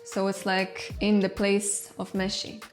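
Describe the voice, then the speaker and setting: Female host, explainer narration, clear and lightly playful, soft music bed. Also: medium pitch, completely flat delivery, unhurried. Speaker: language channel host.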